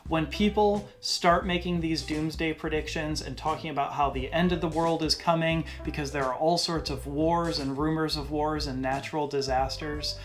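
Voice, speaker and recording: A male podcast host giving a casual Bible teaching in a conversational way, slowing down to stress key phrases. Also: on the high side, fairly even intonation, soft background music.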